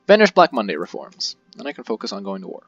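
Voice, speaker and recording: Fast and sing-song, this man's low-leaning voice carries casual commentary on his strategy game as a let's-play host who chats, cracks jokes, and reacts aloud for viewers. The audio is dull with no echo, and faint music plays behind him.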